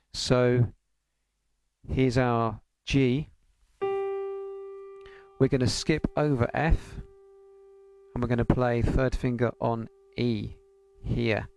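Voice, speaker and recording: Patient male piano tutor, gravelly edge, counts rhythms aloud. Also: mid-range voice, a little mellow, no echo. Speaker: piano teacher. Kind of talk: online music lesson.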